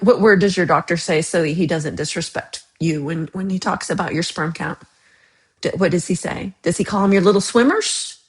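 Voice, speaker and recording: A woman from Texas hosting a casual livestream, chatting with viewers in a chatty, teasing way with playful outrage. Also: mid-range voice. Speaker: livestream host.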